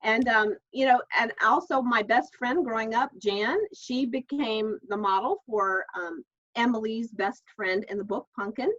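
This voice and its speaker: A woman's voice: fairly high pitch, unhurried. A middle-aged woman author telling stories in a casual interview, chatty with many restarts. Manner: chatty, warm storyteller, many fillers and restarts. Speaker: author and guest. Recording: dull lo-fi call audio.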